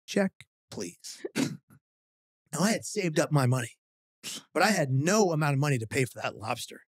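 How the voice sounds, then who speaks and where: Husky-voiced man telling a lively story. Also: fairly high pitch, fast talker, no echo, clean studio sound. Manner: animated storyteller, acting out quotes. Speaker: guest. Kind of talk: storytelling in a podcast interview.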